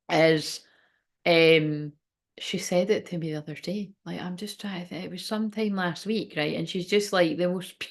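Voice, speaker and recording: A woman who works as a spiritual medium, rambling chattily and emotionally on a live stream and laughing often. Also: fairly low pitch. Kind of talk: casual live-stream chat.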